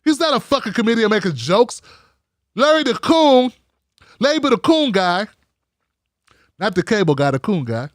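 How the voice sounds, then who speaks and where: A man's voice: high-pitched, very animated, normal speed, long pauses, a bit bright, dry recording, studio quality. A man hosting a live show, ranting heatedly and swearing constantly. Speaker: host. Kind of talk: ranting live-stream commentary.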